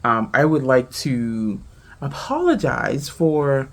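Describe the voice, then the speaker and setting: A woman from Charleston, South Carolina with a Geechee accent, hosting a casual podcast, talking fast and tripping over her words. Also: very deep voice, very animated. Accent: Gullah Geechee, Charleston, South Carolina. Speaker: podcast host. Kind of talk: casual family podcast chat.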